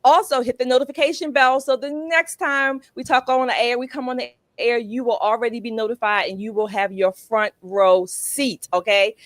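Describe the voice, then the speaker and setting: A woman's voice: fairly high pitch, steady tone, moderate pace, hardly any pauses, no room sound. A woman hosting a political talk show, chatty and emphatic as she rallies her audience. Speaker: host.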